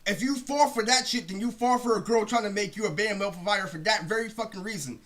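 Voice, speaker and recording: A young man talks straight to camera in a high, bright voice. His monologue is heated and rambling, full of profanity. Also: fast talker. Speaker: vlogger.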